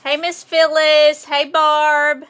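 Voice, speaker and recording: A woman with a Southern US accent talks her way through a live painting tutorial, recorded on a phone. Her voice sits a little high and sounds crisp and bright. She keeps up a friendly, chatty patter and greets her viewers by name. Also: completely flat delivery, slow pace. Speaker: painting instructor on a livestream. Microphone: phone on a mount.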